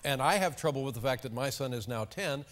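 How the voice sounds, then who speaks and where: A man's voice: mid-range voice, expressive, quick pace, very noisy. A man hosting a late-night talk show in a TV studio, asking short dry questions with stammering restarts. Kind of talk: late-night interview chat. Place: television studio.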